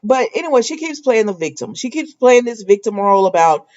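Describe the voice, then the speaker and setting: A woman's voice: a little high, very animated, brisk, darkish tone. Chatty woman recapping soaps, lo-fi. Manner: chatty, retells scenes in quoted dialogue with her own asides. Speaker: soap opera recap host. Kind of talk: casual soap recap. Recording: dull lo-fi sound.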